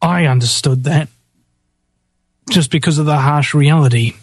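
A husky, slightly high-pitched man hosts a talk radio show. He rants bluntly and speeds up in heated bursts. The sound is dry and close to the mic. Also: no room sound. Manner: blunt, ranting, fast bursts. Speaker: radio host. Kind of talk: impassioned radio monologue.

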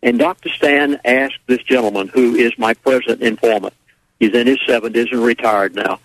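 A man's voice: medium pitch, steady tone, normal speed, a bit bright, no room sound, rough recording. A man guest on a radio talk show, telling a rambling, folksy story in a casual way and acting out what others said. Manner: folksy, rambling, acts out quoted voices.

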